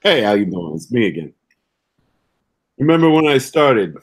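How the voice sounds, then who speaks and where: A man voicing a streetwise fixer who talks to the crew in gruff street slang. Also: medium pitch, big pitch swings, normal speed. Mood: conspiratorial. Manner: gruff slangy street talk, ain't and gonna. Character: streetwise male gutter fixer addressing the crew.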